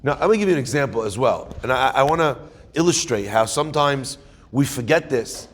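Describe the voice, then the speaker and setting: A man's voice: mid-range voice, brisk. A man giving a conversational sermon as a rabbi, asking his listeners questions. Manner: conversational, animated, asks the audience questions. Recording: hall reverb.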